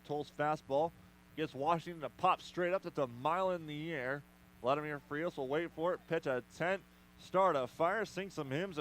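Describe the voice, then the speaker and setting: A man doing play-by-play commentary for a baseball radio broadcast, brisk with playful asides. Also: fairly high pitch, slight background noise, poor audio. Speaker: play-by-play announcer.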